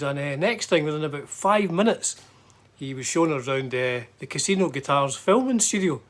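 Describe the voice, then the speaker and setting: A man's voice: fairly high pitch, lively intonation, brisk. A middle-aged man with a Scottish accent, chatting casually about a trip, rambling with lots of fillers and restarts. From Scotland. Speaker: guitar vlogger. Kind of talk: casual travel chat.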